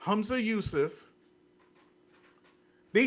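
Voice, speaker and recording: A man's voice: high voice, animated, measured pace, pauses often, bright, forceful tone. A man hosting a livestream commentary, scornful and repeating his points with rhetorical questions. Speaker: host.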